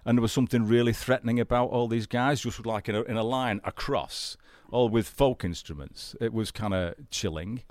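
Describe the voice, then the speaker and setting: A man, a musician guest, telling stories in a rambling, halting way with many restarts. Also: mid-range voice, darkish tone, no echo. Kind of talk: casual storytelling interview.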